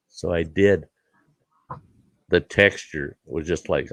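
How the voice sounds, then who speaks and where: A man's voice: low-pitched, slow pace, pauses often, a bit bright, no room sound. A man hosting a casual show, telling folksy stories with laughs and acted-out quotes. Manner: folksy, laughing storyteller who acts out quoted voices. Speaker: show host. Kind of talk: casual storytelling chat.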